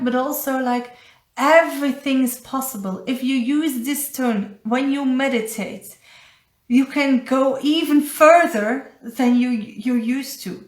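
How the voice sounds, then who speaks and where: A woman with a Dutch accent, a spiritual coach giving a casual live card reading, halting and searching for English words. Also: sits high. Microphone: phone or webcam on a live stream. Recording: echoey room.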